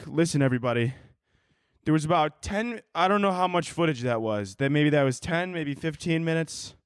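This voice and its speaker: A man's voice: a little high, dry recording, studio quality. A man hosting his own podcast, rambling through tangents in a jokey, profane, casual way while holding a microphone. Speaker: podcast host. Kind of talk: casual solo podcast chat. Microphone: handheld microphone.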